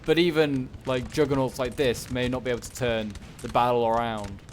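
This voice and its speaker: A man giving casual, rambling commentary on a strategy game battle, excitable and talking back to the units on screen. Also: medium pitch, fairly quick, slight background noise. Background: gunfire and battle sounds.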